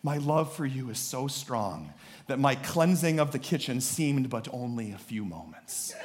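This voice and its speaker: A man voicing a swooning romantic lover in a slow, drawn-out, overly tender way. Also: medium pitch, sing-song. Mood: syrupy.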